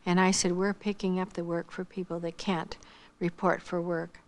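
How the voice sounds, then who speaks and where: A woman's voice: lowish voice, flat delivery, normal speed, a little hiss or hum. A woman giving a spoken missionary testimony, telling her story earnestly and quoting the dialogue.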